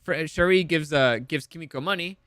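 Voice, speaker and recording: Male reviewer, higher-pitched, rambling and swearing, dry close sound. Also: brisk, a bit bright, no room sound. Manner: rambling, profane, full of fillers and restarts. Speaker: TV show reviewer. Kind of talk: casual episode recap.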